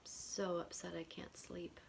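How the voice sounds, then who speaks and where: A woman guiding a tapping session in a whispered role-play, speaking slow phrases for the listener to repeat. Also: on the low side, flat delivery, gravelly. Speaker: EFT tapping guide.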